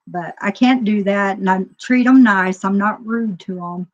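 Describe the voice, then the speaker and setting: A woman speaks in an unhurried, meandering vlog monologue at a mid-range pitch. She circles her points with frequent fillers. The recording sounds muffled and lo-fi. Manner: rambling, full of "you know" fillers. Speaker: store owner. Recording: dull lo-fi recording.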